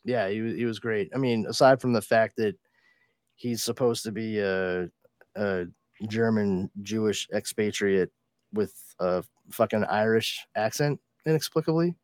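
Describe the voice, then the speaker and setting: A man's voice: lowish voice, a little slow, a little mellow, no echo. A man hosting a podcast, chatting casually about films, telling stories and swearing freely. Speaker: podcast host. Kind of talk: casual pop-culture chat.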